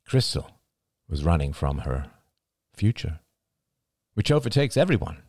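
A man narrating an audiobook in a measured, deliberate way, sometimes dropping to a hush for emphasis. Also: a bass voice, big pitch swings, no echo, studio quality.

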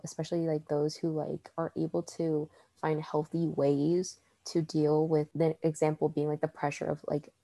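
Low, dark-voiced woman host. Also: dry recording. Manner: rambling, filler-heavy, earnest. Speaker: podcast host. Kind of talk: casual podcast chat.

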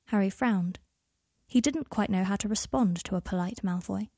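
A woman narrating a story in a calm audiobook reading, with a breathy voice. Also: medium pitch, normal speed, no echo, studio quality.

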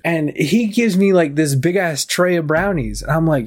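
A man's voice: fairly high pitch, animated, brisk, few pauses, darkish tone, breathy edge. A man from the United States hosting a casual podcast chat, telling stories crudely with a lot of swearing. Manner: crude, storytelling with lots of swearing. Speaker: podcast host.

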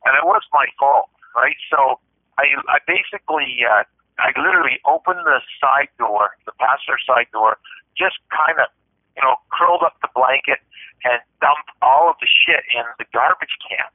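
A man's voice: mid-range voice, normal speed, no echo. Man telling stories over a tinny line. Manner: animated storyteller acting out quoted voices. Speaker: podcast host. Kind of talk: casual storytelling chat. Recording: dry tinny phone-like sound.

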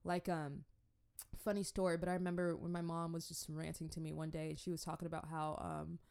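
A young woman from the Congo telling stories in a casual, playful way. She is animated and often slips into acted-out voices. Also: sits low, a little fast, vocal fry, clean tone. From Democratic Republic of the Congo. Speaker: vlogger. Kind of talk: casual storytelling commentary.

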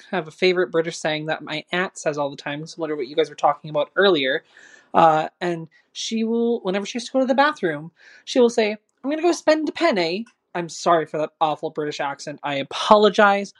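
Hesitant, friendly Canadian male caller. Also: fairly high pitch. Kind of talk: voice message.

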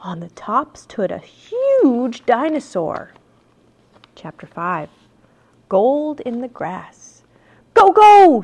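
Woman reading a storybook with lively pitch. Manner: expressive, animated reading. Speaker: mother reading aloud. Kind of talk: storybook read-aloud.

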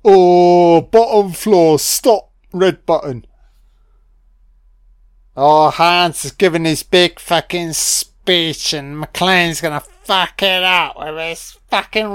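A drunk man rambling and swearing excitedly through a film commentary. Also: high-pitched, slow pace, clean tone, dry recording, studio quality. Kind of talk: audio commentary over a film.

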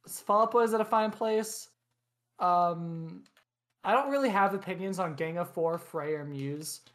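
A young podcast co-host in casual chat. The voice sits at an ordinary middle pitch. The delivery is blunt and opinionated, with dismissive verdicts. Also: unhurried, fairly bright tone.

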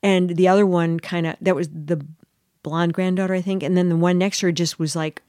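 A woman's voice: fairly low pitch, brisk, no room sound. Chatty woman gossiping in a dry room. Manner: catty, animated storytelling with put-on quoted voices. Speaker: podcast co-host. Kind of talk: casual chat recapping a TV show.

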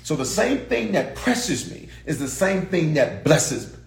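A man's voice: a little high, sing-song, measured pace, vocal fry, echoey room. A pastor preaching a sermon to his congregation and online viewers, repeating phrases for emphasis and calling on listeners to respond.

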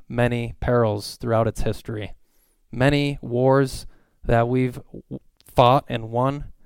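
A man preaching a sermon, earnest, pushing up in pitch when he asks questions. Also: clean tone, dry recording. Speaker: pastor.

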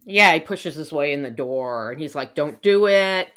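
A woman's voice: deep voice, animated, normal speed, a bit bright. A woman in casual chat, animatedly retelling a novel's plot and quoting the characters in her own voice. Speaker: book discussion co-host.

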